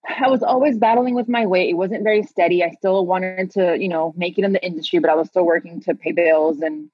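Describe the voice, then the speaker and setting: Chatty woman guest in her 30s, kinda husky, lots of likes and ums, dry slightly muffled audio. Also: lowish voice, a little fast, no echo. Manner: chatty, laughs often, many fillers. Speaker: interview guest. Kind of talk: personal storytelling in conversation.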